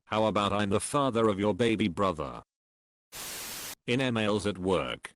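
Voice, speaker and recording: A man reading online comments aloud in a slow, dry delivery. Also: fairly low pitch, lively intonation, a bit bright.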